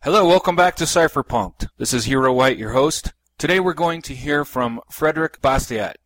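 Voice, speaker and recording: A man hosting a podcast, reading a prepared introduction in a steady, plain manner. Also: medium pitch, moderate pace, no room sound, faint music behind, poor audio. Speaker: podcast host. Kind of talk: scripted introduction.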